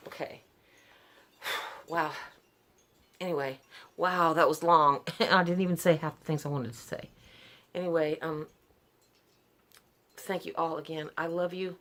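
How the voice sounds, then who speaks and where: Earnest low-voiced woman vlogging. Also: a little slow, long pauses, fairly bright tone. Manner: earnest and emotional, with sighs, laughs and restarts. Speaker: vlogger telling her story. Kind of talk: unscripted personal testimony to camera.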